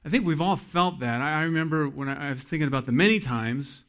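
A man's voice: on the high side, fairly bright tone. Earnest male pastor telling a story. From Iowa. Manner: storytelling, earnest, pauses for emphasis. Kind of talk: sermon.

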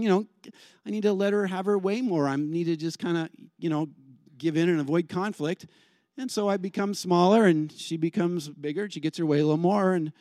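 Animated, high-voiced male preacher. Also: no echo, clean studio sound. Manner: animated, conversational, asks the crowd questions. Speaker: pastor. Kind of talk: sermon.

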